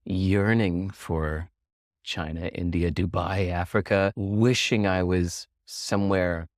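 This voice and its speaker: A man as a podcast guest, speaking thoughtfully and frankly in a measured way. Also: sits low, steady tone, no echo, studio quality. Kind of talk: reflective conversation.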